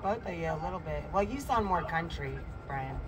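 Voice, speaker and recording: A woman's voice: sits low, animated, a little fast. A woman calling in to a live stream, giving brief teasing replies in casual chat. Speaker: caller. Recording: distant phone audio with loud clicking noise.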